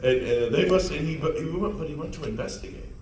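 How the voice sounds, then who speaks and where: A man gives a lively motivational talk to a room of listeners, now and then acting out other people in loud mocking voices. He sounds far from the microphone, and his voice rings in a very echoey room. A faint hum of room noise sits underneath. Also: a little high, quick pace. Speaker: real estate speaker. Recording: echoey room heard from a distance.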